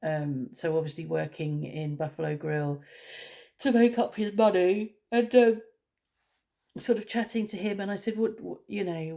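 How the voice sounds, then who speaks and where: A woman's voice: lowish voice, unhurried, gravelly, dark tone. A woman vlogger talking in a casual, rambling way, blunt and opinionated.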